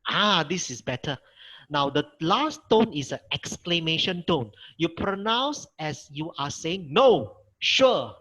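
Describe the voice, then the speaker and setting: This Mandarin lecturer, a middle-aged man with a Malaysian English accent, runs a language workshop via video call with patience, going over points again and demonstrating tones. His fairly high voice has lively intonation and a slightly slow pace, sounding pushed and bright. Audio quality is poor.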